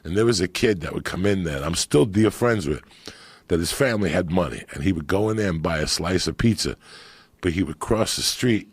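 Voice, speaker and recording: A middle-aged man telling animated, profane stories in casual chat on a podcast. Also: deep voice, brisk, breathy edge, no echo. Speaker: podcast guest storyteller.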